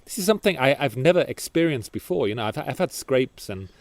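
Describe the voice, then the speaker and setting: A man co-hosting a podcast, telling a story in casual chat, animated and full of restarts and repeated words. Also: mid-range voice, fast. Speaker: podcast co-host.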